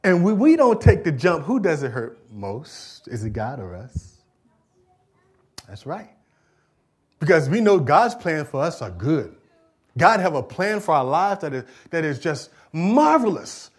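A middle-aged male pastor preaching a sermon in a church, swinging from quiet asides to loud, emphatic declarations. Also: a little high, sing-song, unhurried, breathy edge.

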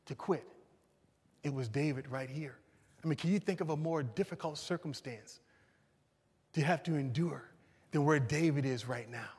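A man preaching a sermon, moving from loud emphasis to hushed pleading. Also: a little high, breathy edge, in a large hall.

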